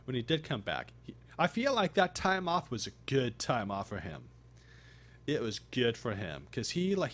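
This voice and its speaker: A tired, groggy man chatting casually on his live stream, rambling with halting restarts. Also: mid-range voice. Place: home streaming setup.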